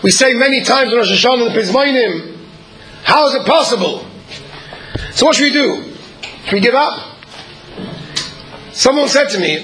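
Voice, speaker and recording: A man with a very high, bright voice delivers an earnest sermon. He speaks in measured phrases with frequent pauses. Now and then he clears his throat. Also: lively intonation, poor audio.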